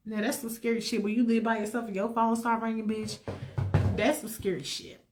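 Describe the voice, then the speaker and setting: A woman retelling a comic fan-fiction story casually, animated and profane with asides to listeners. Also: a little high, brisk, slight background noise.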